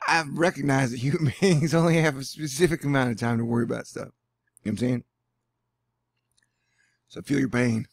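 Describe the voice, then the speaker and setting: Brief: male vlogger, gravelly, dry close sound, sarcastic and rambling. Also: medium pitch, fairly even intonation, fairly quick, long pauses, no room sound. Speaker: weather vlogger. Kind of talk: casual vlog commentary. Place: indoors at home.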